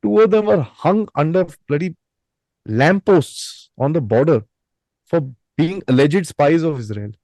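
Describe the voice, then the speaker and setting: A man's voice: on the high side, animated, unhurried, warm tone, dry recording, rough recording. A man, a guest giving opinions emphatically with rhetorical questions. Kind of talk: opinionated talk.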